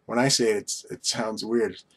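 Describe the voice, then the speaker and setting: A man's voice: fairly low pitch, fairly even intonation, moderate pace, fairly bright tone, slightly rough. A man from Long Island with a local accent, rambling casually to the camera and telling stories with lots of asides. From Long Island, New York. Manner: meandering, storytelling with asides and restarts. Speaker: vlogger.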